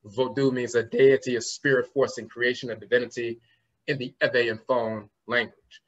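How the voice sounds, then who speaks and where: A man's voice: medium pitch, little pitch movement, normal speed. Guy lecturing at a conference, spells out words, bit muffled lo-fi sound. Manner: explains word roots, spells terms out letter by letter; often trails off with "and so forth". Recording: slightly muffled lo-fi recording.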